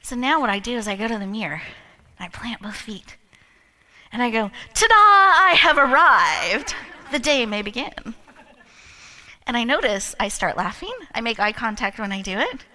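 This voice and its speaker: Brisk and medium-pitched, a woman emcees a live event, spinning a playful story with plenty of laughter. She's animated, laughs often, and leads the crowd along with her.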